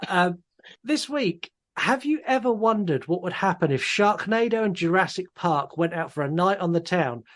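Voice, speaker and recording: Male podcast host, fairly high voice, blunt, swears in casual film chat. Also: lively intonation, moderate pace, a bit bright. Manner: blunt and swears freely, with many "um"s. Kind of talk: casual chat about films.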